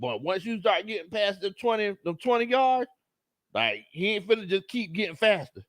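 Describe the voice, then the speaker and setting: A sports show host and coach with a high voice speaks at a normal pace during a casual livestream. He reads out what viewers post, laughs often, and reacts with animated Southern slang. It's clean studio sound without echo.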